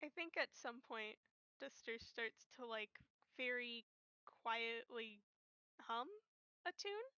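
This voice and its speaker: Bright, high-voiced woman narrating role-play. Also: animated, takes it slowly, clean tone, no room sound. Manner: rambling, self-correcting. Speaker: tabletop role-play player. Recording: dull lo-fi, dry.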